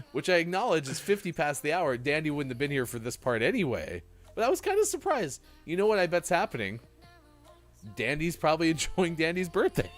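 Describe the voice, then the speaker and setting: A male morning show host with a lively, swooping voice that rises and falls freely. He talks casually and jokes as he goes, with faint music playing under him. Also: a little high, moderate pace. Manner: lively, joking, rambling delivery. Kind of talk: casual live-stream radio chat.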